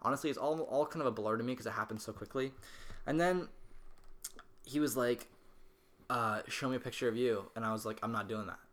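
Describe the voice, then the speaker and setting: A young man co-hosting a podcast, telling a story in an animated way, swearing freely and laughing as he talks. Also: mid-range voice, fairly quick, pauses often. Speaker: podcast co-host.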